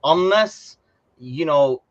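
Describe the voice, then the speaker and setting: A man rambling through a casual football chat on a podcast. He talks in an animated way and laughs now and then. The audio sounds a little dull and lo-fi. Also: fairly high pitch, takes it slowly. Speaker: podcast co-host.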